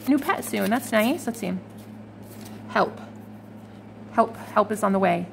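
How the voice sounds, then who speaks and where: A woman's voice: on the high side, expressive, a little slow, creaky, a little hiss or hum. Chatty, swearing woman reading tarot. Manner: chatty, swears freely, laughs, talks to viewers. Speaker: tarot reader. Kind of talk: casual tarot reading vlog.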